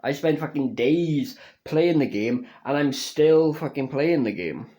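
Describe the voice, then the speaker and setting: A young man casually reviews a video game in a slow, halting way, swearing constantly and restarting his words. His voice sits on the high side, expressive and mellow, and he comes across as earnest and emotional.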